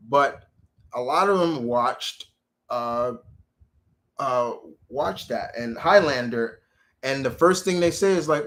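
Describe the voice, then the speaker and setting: A man's voice: medium pitch, measured pace. Rambling man in casual chat. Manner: rambling, restarts often, animated quotes. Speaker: channel host.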